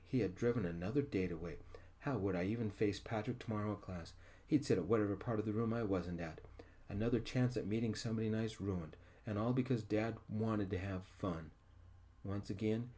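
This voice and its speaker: A man reading a short story aloud in a soft-spoken style, voicing every character himself. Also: lowish voice, slightly rough. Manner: reads all characters in one soft voice.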